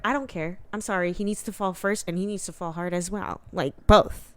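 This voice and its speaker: A woman's voice: mid-range voice, fairly quick, clean tone, no room sound. A woman co-hosting a podcast in casual chat, gushing and acting out lines from the show. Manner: gushing, animated, acts out quotes in voices. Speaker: podcast co-host.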